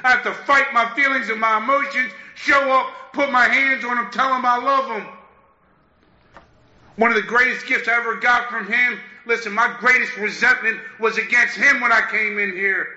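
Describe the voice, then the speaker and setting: A man's voice: very high voice, steady tone, normal speed, bright, forceful tone. A man giving a candid, emphatic personal share at a recovery meeting, often throwing in "man" and "listen". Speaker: speaker sharing at a recovery meeting. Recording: dull lo-fi echoey room.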